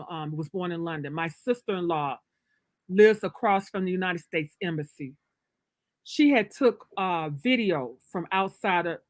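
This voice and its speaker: A woman's voice: medium pitch, dry recording. A woman author being interviewed, telling her story in an emphatic, preacherly way with big swings of energy. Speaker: author, guest. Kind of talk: casual livestream interview.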